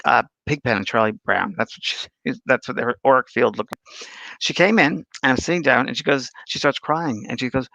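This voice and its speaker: A man's voice: mid-range voice, moderate pace, creaky, sharp tone, no echo. A man hosting a casual spiritual talk show, rambling through anecdotes and viewer questions. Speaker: spiritual medium and host. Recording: dull lo-fi dry sound.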